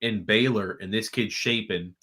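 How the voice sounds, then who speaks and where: A man co-hosting a casual college football watchalong podcast, excitable and prone to high-pitched outbursts. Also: normal speed. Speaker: podcast co-host. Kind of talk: casual game watchalong chat.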